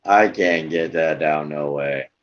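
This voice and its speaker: A man's voice: extremely low pitch, takes it slowly. Laid-back male guest, lo-fi stream audio. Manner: laid-back, easygoing banter. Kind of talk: casual live-stream chat.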